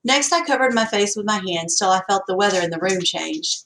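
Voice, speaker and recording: A woman's voice: medium pitch, a little fast, background noise. Woman narrating a folksy audiobook. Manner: folksy, storytelling, expressive. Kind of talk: scripted first-person narration.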